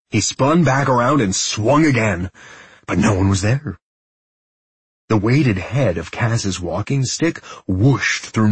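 A man reading a novel aloud as an audiobook narrator, in a steady, measured storytelling manner. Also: lowish voice, slightly rough, no echo. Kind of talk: scripted narration.

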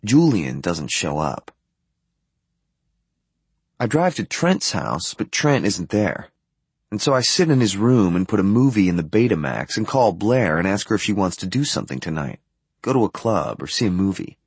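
Male audiobook narrator, husky voice, low pitch, detached, dry close sound. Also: very animated, normal speed, no echo. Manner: detached, matter-of-fact delivery. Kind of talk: first-person novel reading.

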